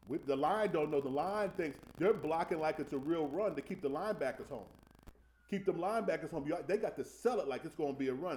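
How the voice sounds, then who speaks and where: A man preaching a Sunday school sermon in a conversational way, asking the room questions and slowing down to stress scripture. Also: on the high side, expressive, a little mellow.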